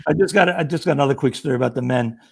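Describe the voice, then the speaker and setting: A man's voice: mid-range voice, very fast, creaky, husky. A middle-aged man, a retired fire lieutenant telling stories as a podcast guest and acting out the people in them. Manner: animated, acts out the voices of the people in his stories. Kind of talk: casual storytelling.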